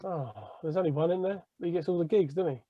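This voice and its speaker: High-voiced man, rambly chat. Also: fast, no room sound. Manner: laughs mid-sentence, rambly. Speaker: podcast co-host. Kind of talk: casual chat. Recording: dull lo-fi audio.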